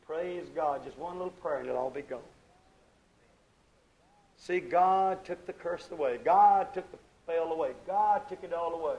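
A man preaching a sermon, folksy and exuberant, swinging from hushed asides to shouted praise. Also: fairly high pitch, normal speed, pauses often, rough recording. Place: church service.

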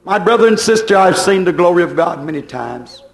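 Male preacher, high voice, fervent sermon delivery, echoey room. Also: lively intonation, a little fast. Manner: fervent preaching, rising and falling loudness. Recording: echoey hall.

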